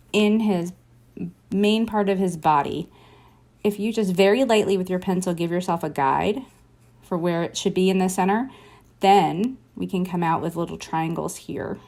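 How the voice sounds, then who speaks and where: This drawing teacher leads a casual tutorial, chatting, encouraging, and thinking aloud while she sketches. Her voice is medium in pitch and slightly mellow.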